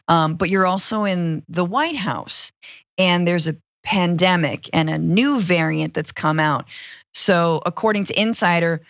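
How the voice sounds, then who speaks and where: A woman's voice: on the low side, no echo, muffled recording. A woman co-hosting a political commentary show, talking in a sarcastic, jokey way. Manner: sarcastic, jokey, animated when mocking. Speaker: co-host.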